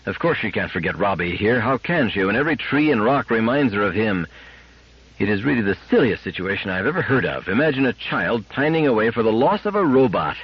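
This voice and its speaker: A man's voice: fairly low pitch, big pitch swings, a little fast, breathy edge. A man playing a stern, stubborn mother. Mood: grim. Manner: firm, clipped and grim. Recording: dull lo-fi sound.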